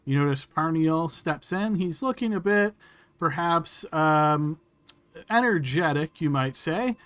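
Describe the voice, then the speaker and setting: A man runs a tabletop game and narrates the scene in a voice pitched a little high. He is descriptive and unhurried, with small hesitations. His tone stays easy and steady. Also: clear, resonant tone, no echo. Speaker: game master.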